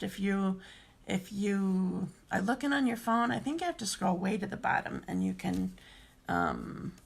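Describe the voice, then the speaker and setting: A woman talks through a live craft demonstration in a loose, rambling way, full of filler ums. Her voice is scratchy and strongly gravelly with vocal fry, pitched in an ordinary middle range. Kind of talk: casual live-stream chat.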